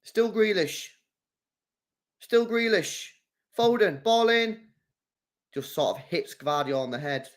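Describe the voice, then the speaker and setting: A man, giving live commentary and chat to his viewers while watching a football match as an excitable fan. His voice swings from loud shouts down to low mutters. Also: slow, pauses often.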